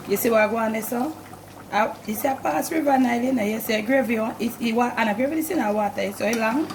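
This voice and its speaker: A woman's voice: fairly high pitch, noisy background. A middle-aged woman with a Jamaican accent hosting a home cooking demonstration, chatting to viewers as family and repeating "look at me here". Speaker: cooking show host. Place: home kitchen.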